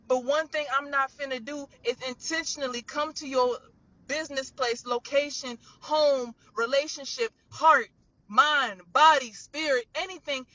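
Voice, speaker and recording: Impassioned, bright-voiced young woman ranting. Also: sits high, no room sound, muffled recording. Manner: impassioned, profane, preachy. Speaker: content creator. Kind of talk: emotional direct-to-camera rant.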